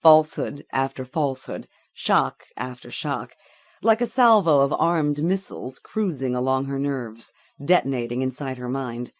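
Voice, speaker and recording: A woman reading a grim story aloud in a measured, deliberate way. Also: rumbling low, expressive, dry recording. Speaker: audiobook narrator. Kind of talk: scripted audiobook narration.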